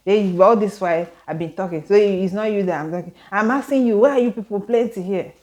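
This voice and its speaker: A woman quoting an irritated male ride-share driver, firing rapid, badgering questions in her own voice. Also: medium pitch, a little mellow, close to an everyday voice.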